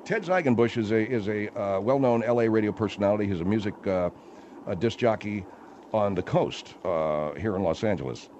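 A man's voice: lowish voice, brisk, darkish tone, muffled recording, slight background noise. A man hosting a radio talk show, chatty and exasperated with his guests.

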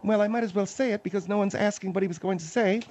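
A man's voice: high voice, fairly even intonation, fast, darkish tone, slight background noise, pitched above the performer's own voice. A man voicing a prim, indignant studio panelist who scolds the others.

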